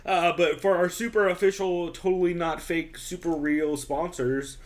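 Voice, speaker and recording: A man's voice: sits high, fairly even intonation, normal speed. A man hosting a podcast, chatting casually with a co-host in a profane, joking way.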